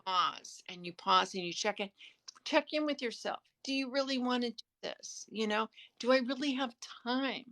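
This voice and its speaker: A woman's voice: on the high side, a bit bright, no echo. A woman, an author co-hosting a casual live stream, sharing advice earnestly with frequent restarts. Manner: earnest, shares tips, halting restarts. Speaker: author and co-host. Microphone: phone.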